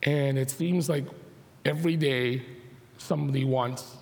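A man, a pastor giving a sermon and prayer, his voice partly lost to allergies, talking in a halting way with many fillers and restarts. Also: mid-range voice, fairly even intonation, a little mellow. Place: church sanctuary. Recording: long hall reverb.

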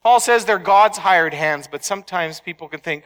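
Male pastor, high and bright voice, emphatic sermon delivery with a casual touch. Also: normal speed, smooth. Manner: conversational, emphatic preaching with anecdotes. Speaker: preacher. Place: church sanctuary. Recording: long hall reverb.

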